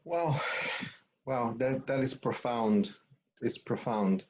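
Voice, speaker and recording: A man's voice: mid-range voice, expressive, slow pace, darkish tone, muffled recording. A man from Guatemala interviewing a guest, hesitant and searching for his words, often restarting. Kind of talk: conversational interview.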